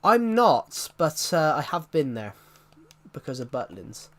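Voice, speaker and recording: Sing-song and unhurried, this voice sits on the high side with a fairly bright tone. The man, a streamer from southwest England with a Southwest English accent, meanders casually while answering questions from viewers.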